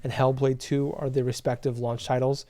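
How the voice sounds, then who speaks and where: A man co-hosting a casual podcast, animated and laughing often, eagerly jumping into the talk. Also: mid-range voice, moderate pace, a loud crowd. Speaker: podcast co-host. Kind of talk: casual chat.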